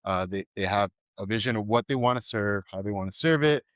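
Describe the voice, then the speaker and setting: A man's voice: on the low side, fairly quick, dry recording, highs cut off. A man who works as a chef, chatting casually as a podcast guest in a laid-back way. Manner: relaxed, laid-back talk with easy laughs.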